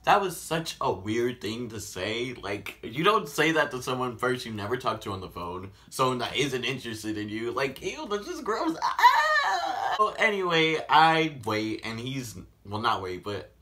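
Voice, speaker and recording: A man telling a story in a casual vlog, animated and sarcastic. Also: medium pitch, moderate pace, hardly any pauses. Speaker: vlogger.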